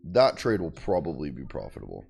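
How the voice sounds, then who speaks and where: A man streaming live and chatting casually about his trades, calling viewers bro and swinging from mumbles to loud bursts. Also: a bass voice, wildly swooping pitch, brisk, vocal fry, breathy edge. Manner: loose and slangy, calls viewers bro and boys. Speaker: trading streamer.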